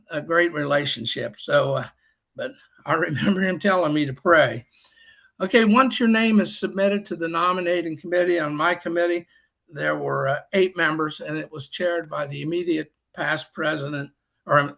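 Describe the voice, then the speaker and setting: An older man with a somewhat high, gravelly voice tells folksy anecdotes to his peers on a video call. His tone is bright and forceful, and his humor is dry and self-deprecating. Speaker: past district governor. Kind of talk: storytelling talk on a group call.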